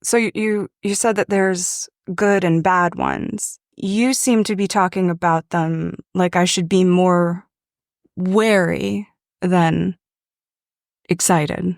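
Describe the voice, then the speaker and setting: A woman's voice: on the low side, steady tone, slow pace, creaky, no room sound, studio quality. A woman voicing a nervous young woman adventurer who talks hesitantly and stammers. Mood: worried.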